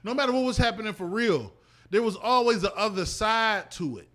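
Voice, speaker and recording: Man, podcast host, high voice, bright and forceful, animated chat. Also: brisk. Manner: animated storytelling, trailing off mid-thought.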